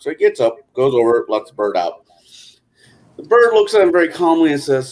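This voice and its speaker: Lively man telling jokes. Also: fairly high pitch, brisk. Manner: animated, switches voices for joke characters. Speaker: co-host. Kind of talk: casual joke telling.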